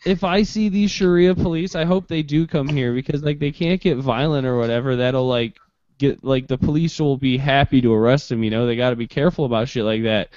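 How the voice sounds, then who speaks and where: A man hosting a casual panel chat, joking and crude, with quick skit bits. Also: medium pitch, a little mellow, dry recording. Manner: joking, crude, plays skits. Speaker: show host. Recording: dry, dull lo-fi stream audio.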